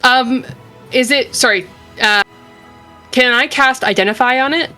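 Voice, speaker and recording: Female player from Canada, high and bright, indignant and rules-minded. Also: measured pace, faint music behind. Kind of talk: tabletop role-play.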